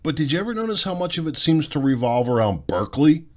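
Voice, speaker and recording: A man's voice: fairly high pitch, big pitch swings, fast talker. A man hosting a talk podcast, giving a blunt, sarcastic opinion monologue full of rhetorical questions. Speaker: podcast talk show host.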